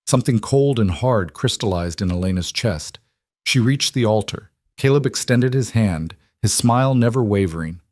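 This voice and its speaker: A man narrating a scripted romance story in an even, steady delivery. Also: fairly low pitch, normal speed, dry recording, clean studio sound.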